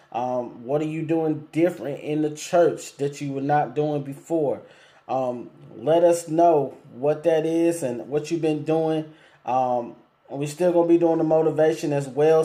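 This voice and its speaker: A man's voice: a little high, mellow. Laid-back man hosting a call-in show. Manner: laid-back, lots of ums, asks listeners questions; speaks to callers directly, polite and firm. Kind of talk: casual call-in talk show. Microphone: streaming setup with cameras.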